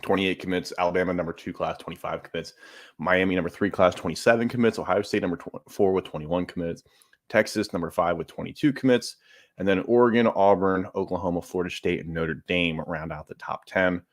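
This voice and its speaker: A man with a very low voice in a casual sports podcast. He talks steadily and runs through rankings and numbers in a matter-of-fact way. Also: fairly quick. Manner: steady, lists stats and rankings matter-of-factly. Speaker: podcast co-host.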